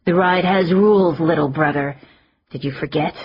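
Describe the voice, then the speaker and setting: A woman voicing an ancient fae woman with calm, soothing authority, read as part of an audiobook. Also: deep voice, moderate pace, breathy edge, highs cut off. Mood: commanding.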